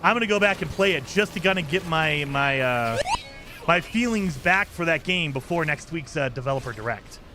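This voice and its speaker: A man's voice: fairly high pitch, expressive, normal speed, over music. A man hosting a game live stream, chatting casually and enthusiastically in a rambling way and thanking viewers for gifted memberships.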